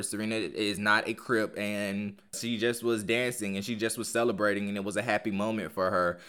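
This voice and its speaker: A man's voice: lowish voice, fairly bright tone, clear, resonant tone. A man hosting his own podcast, talking casually and with strong opinions, laughing now and then. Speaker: podcast host. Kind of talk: casual solo podcast commentary.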